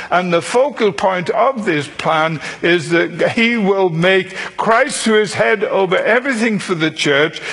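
A man preaching a sermon, teaching slowly and deliberately, repeating key phrases for emphasis and slipping in dry humor. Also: high-pitched, fairly bright tone, slightly rough.

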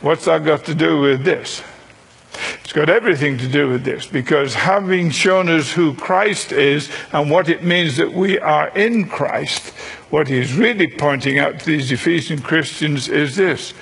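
Guy preaching a sermon, kinda high voice, raspy, slow and deliberate, repeats stuff for emphasis. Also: a bit bright. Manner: slow, deliberate teaching with dry humor; emphatic repetition of key phrases.

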